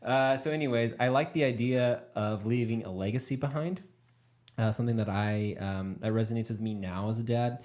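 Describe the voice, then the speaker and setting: A young man hosting a relaxed gaming podcast, his laugh breaking into nearly every other sentence. He rambles and stacks up ums and uhs before getting to the point. His voice sits at an ordinary middle pitch. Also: brisk. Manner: giggly, rambling, lots of fillers. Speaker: podcast host. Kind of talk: casual chat.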